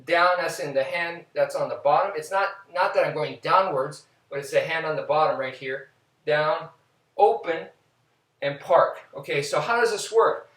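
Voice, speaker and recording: Casual male martial arts instructor, slightly high voice, demonstrating and counting moves, recorded from a distance with roomy echo. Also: moderate pace. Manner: relaxed, talks while demonstrating moves and counting.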